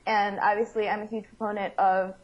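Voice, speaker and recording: Husky woman on a dull line. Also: mid-range voice, level tone, a little fast. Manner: thoughtful, evaluative. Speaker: guest expert. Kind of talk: conversational interview.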